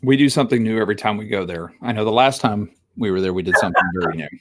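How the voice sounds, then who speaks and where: An easygoing man co-hosting a casual podcast, his voice sitting on the low side. He chats in a relaxed, joking way. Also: very fast. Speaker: podcast co-host.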